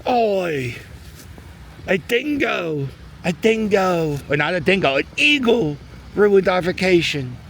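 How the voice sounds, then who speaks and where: A man's voice: high-pitched, animated, slow, fairly bright tone, slight background noise, pitched above the performer's own voice, heavily acted. A man voicing a cheerful male Australian tourist who knows nothing about American football, with a put-on Australian accent and an exaggerated, slang-heavy drawl. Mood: jokey.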